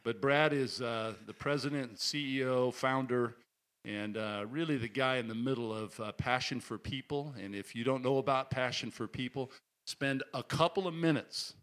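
A man's voice: mid-range voice, normal speed, fairly bright tone. A man, the church's pastor, introducing a guest preacher with enthusiastic praise and fillers.

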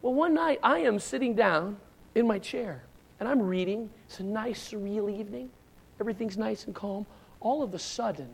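This sermon comes from a middle-aged male pastor whose voice is high-pitched and slightly rough, with vocal fry, at a normal speed. He shares personal stories in a casual, rambling way, restarting and going off on asides, and performs shouted lines as he tells them.

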